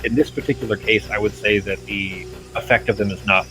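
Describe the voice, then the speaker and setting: A man running a tabletop game as game master, explaining rules in a relaxed way. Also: fairly low pitch, brisk, over music.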